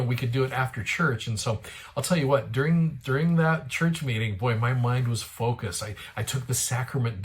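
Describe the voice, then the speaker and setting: A man hosting a daily scripture show, telling a personal faith story earnestly and lifting his voice when he quotes people. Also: medium pitch. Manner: earnest, retells dialogue with a lifted voice. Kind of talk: devotional storytelling.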